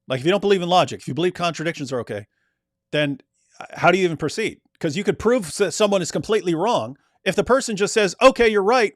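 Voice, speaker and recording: A man's voice: sits high, no echo. Emphatic male commentator, dry close sound. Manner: emphatic, repetitive, rhetorical questions. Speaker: commentator reacting to street debate clips. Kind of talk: critical commentary over replayed clips.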